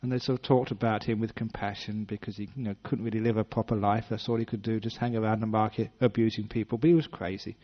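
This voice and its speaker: Fairly low-pitched and fast, with little pitch movement and few pauses, this British-born monk in his sixties, based in Western Australia, tells a humorous story in a dharma talk. He gives the characters little voices, and the recording is dull lo-fi.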